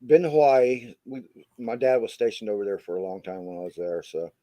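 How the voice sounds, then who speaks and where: A man's voice: fairly low pitch, fairly even intonation, a little fast, mellow. A middle-aged American man co-hosting a podcast, telling road stories in a laid-back way and saying "man" a lot. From United States. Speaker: podcast co-host. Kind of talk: casual chat.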